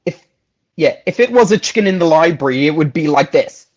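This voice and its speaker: A man talks in a loose, rambling way, cracking jokes and repeating himself. His voice sits a little high. The recording sounds dull and lo-fi. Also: animated, a little fast. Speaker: guest. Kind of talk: casual chat.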